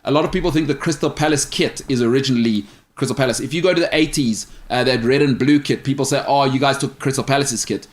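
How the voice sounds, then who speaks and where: A fast-talking man with a medium-pitched voice hosts a sports talk show. He is opinionated and jokey, reading viewer questions aloud in a casual chat and stumbling over names.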